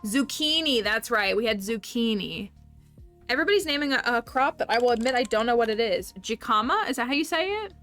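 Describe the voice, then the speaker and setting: A woman's voice: fairly high pitch, lively intonation, brisk, fairly bright tone, soft background music. A woman livestreaming a game, chatting upbeat with her viewers and laughing often. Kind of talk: casual livestream chat with viewers.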